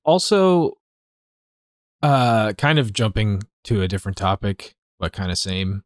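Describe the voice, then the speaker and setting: A laid-back young man chatting casually as a reaction show co-host, often unsure and fond of saying like. His voice sits low and sounds dry and close. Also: big pitch swings, a little slow, no room sound. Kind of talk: casual chat.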